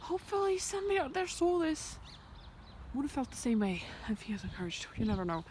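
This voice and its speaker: A young-sounding woman with a fairly high, darkish, sing-song voice talks fairly quickly to a handheld camera on a countryside hike near a fence. Rambling and thinking aloud, she often slips into a whisper, with faint birdsong, wind and sheep around her in this reflective walking vlog.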